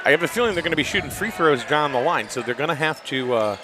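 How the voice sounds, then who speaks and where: A man co-commentating a high school basketball game, calling plays and teasing his partner. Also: expressive, fast. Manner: teasing, laid-back play calls. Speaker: color commentator. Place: school gymnasium. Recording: crowd and gym noise.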